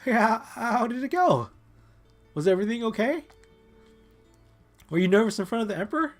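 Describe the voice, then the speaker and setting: A man voicing a fussy, devoted male servant in a game, reading his lines in a high, fretful put-on voice. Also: sing-song, moderate pace, soft background music, exaggerated voice. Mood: worried.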